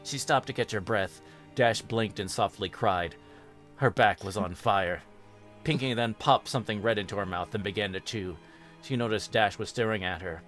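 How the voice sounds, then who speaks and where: A man's voice: lowish voice, moderate pace, soft background music. Man reading a story aloud steadily. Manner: steady, even narration. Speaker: host and story reader.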